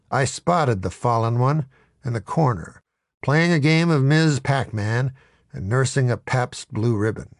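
A man narrates a comic first-person tale with a deadpan, mock-dramatic delivery. His voice has a gravelly grain and his intonation swings widely. The recording is close and dry. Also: mid-range voice, measured pace, dry recording. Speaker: storyteller.

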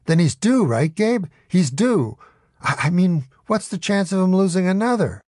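A man voicing a nervous, excitable male sidekick who pleads and insists in a spoken story. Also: high-pitched, normal speed, dry recording, clean studio sound, voice pushed up. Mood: excited.

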